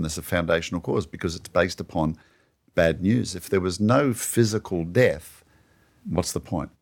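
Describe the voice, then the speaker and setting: A man in an easygoing two-person Bible discussion, explaining doctrine in an earnest, teaching manner with many "you know"s. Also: deep voice. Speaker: co-host of a Bible teaching show.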